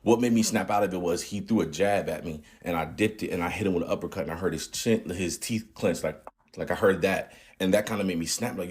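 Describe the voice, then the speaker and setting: A man's voice: deep voice, fairly even intonation, brisk, husky. A man in his thirties candidly retelling a family story in a casual, slangy vlog. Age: 30s. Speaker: channel host.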